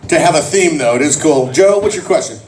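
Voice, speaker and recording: A man's voice: a little high, a little fast, distant mic. A man telling jokes and stories to a convention crowd at a panel. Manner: joking, animated storyteller. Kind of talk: comedic panel talk to a crowd.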